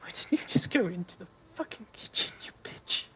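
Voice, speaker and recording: A man voicing a grief-stricken young woman who is crying, in a breathy, whispered sob. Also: normal speed, bright, forceful tone, natural voice. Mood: anguished.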